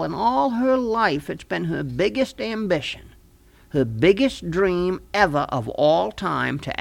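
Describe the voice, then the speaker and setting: A man's voice: on the high side, vocal fry, fairly bright tone, heavily acted. A man voicing a scheming small-town fellow in a comic radio play, talking in a folksy, wheedling, overly sweet way.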